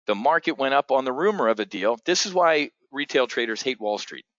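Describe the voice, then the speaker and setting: A man's voice: mid-range voice, lively intonation, brisk, fairly bright tone, no room sound. A blunt, rambling man hosts a casual live trading briefing, swearing freely and jumping between points. His voice sits mid-range, and the recording is dull and lo-fi with a dry, close sound. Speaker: options trading host.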